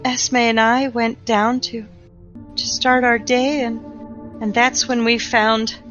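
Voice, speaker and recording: A man's voice: very high voice, flat delivery, a bit bright, lo-fi sound, soft background music, heavily acted. A woman voicing a distraught, devout man who stammers and halts through tears. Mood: shaken. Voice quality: shaky, halting, stammering.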